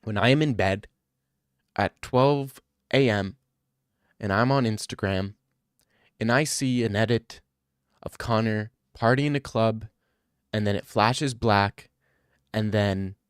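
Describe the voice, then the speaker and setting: A man's voice: fairly low pitch, slow, long pauses, clean tone, no room sound, clean studio sound. A man hosting a casual podcast chat, rambling and joking in loose banter.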